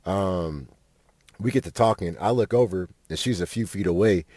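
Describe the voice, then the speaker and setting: A man's voice: low voice, normal speed, darkish tone, slightly rough, no room sound. A young man, a podcast host telling a rambling, profane story with lots of fillers. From Fort Worth, Texas. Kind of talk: casual storytelling monologue.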